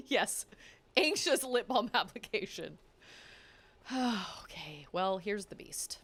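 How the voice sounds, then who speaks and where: A young adult woman streams a video game with live commentary in a mid-range voice, speaking slowly with long pauses. She's excitable, letting out exclamations and groaning and laughing when things go wrong.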